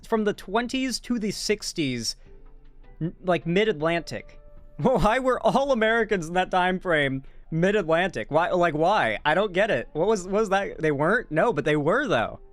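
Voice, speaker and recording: A young man talks through a video in loose, blunt commentary, swearing and doubling back on himself. His voice sits a little high. Faint music plays behind him. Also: a bit bright. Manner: blunt and rambling, swearing, self-correcting. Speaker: commentary streamer. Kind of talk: reacting to a video with casual commentary. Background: faint background music.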